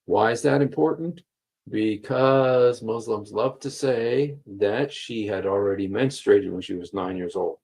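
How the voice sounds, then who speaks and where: A man's voice: on the low side, a little slow, gravelly, a little mellow, husky, poor audio. A man hosting a livestream, reading passages aloud and commenting with emphatic repetition and frequent fillers. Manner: emphatic, repeats key phrases, many fillers. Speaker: livestream host. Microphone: computer mic while streaming.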